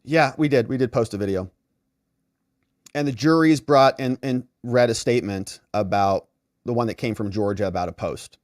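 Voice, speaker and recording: A man hosts a legal commentary livestream, sarcastically mocking the people he discusses and acting out their quotes in shifting voices. He speaks fairly quickly in an expressive, lowish, darkish voice, recorded in studio quality with no room sound.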